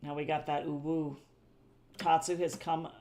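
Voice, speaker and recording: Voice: mid-range voice, little pitch movement, a little slow, mellow. An artist chatting casually during a live drawing stream, rambling, correcting themself often, and swearing now and then. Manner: chatty and rambling, with frequent self-corrections and repeated phrases; swears casually and laughs at own jokes.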